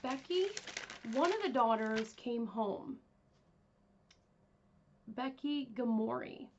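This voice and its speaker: A woman's voice: on the high side, animated, slow, lo-fi sound, a little hiss or hum. A woman hosting a true crime podcast, telling the story in a casual, rambling way with lots of fillers. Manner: rambling, chatty, with many fillers.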